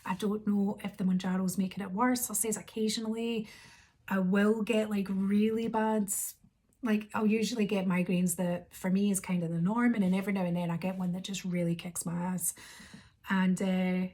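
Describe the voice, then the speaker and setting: A young woman vlogger telling a story in a casual, rambling, animated way, quoting her own thoughts. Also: mid-range voice, normal speed. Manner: rambling, animated retelling with quoted inner thoughts.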